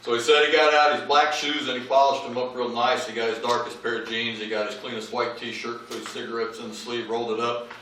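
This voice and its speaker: A man's voice: medium pitch, little pitch movement, a little fast, few pauses, bright, forceful tone, very echoey, recorded from a distance, slight background noise, low-quality recording. A man giving a humorous eulogy, telling family anecdotes and acting out the voices of the people in them. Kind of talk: storytelling eulogy at a memorial. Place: large memorial hall with audience. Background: audience laughter.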